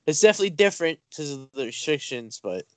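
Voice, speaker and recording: A man from Massachusetts hosting a casual interview show, relaxed and halting, with frequent ums. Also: on the high side, dry recording. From Springfield, Massachusetts.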